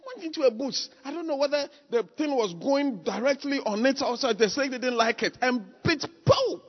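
A man preaches with a high, lively voice that swings up and down, husky at the edges. His sermon is full of animated stories and sudden loud cries. The sound is dull and lo-fi, ringing in a long church-hall echo. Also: normal speed.

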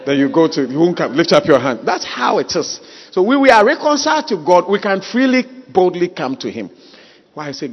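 A man pastor preaching a sermon at a church service, emphatic and repetitive, leading the congregation in shouted call-and-response. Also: a little high, big pitch swings, fairly quick, muffled recording.

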